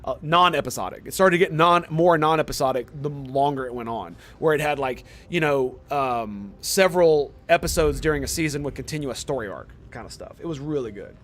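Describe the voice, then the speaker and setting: A young man streaming a game and chatting casually, excited and rambling, full of "dude" and "man". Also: a little high, brisk, few pauses. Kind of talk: casual chat while streaming.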